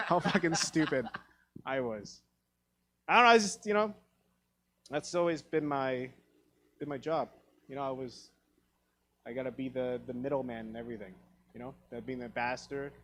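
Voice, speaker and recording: A man performing a stand-up comedy set on a theatre stage, telling stories animatedly and acting out other people's voices. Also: mid-range voice. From Taiwan. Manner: animated storytelling, acts out voices.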